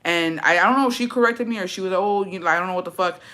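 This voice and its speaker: A woman's voice: on the low side, rapid-fire, pushed and bright. A woman vlogger telling a storytime in a brash, profane, sassy way and calling viewers her besties. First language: English. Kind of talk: casual storytime chat.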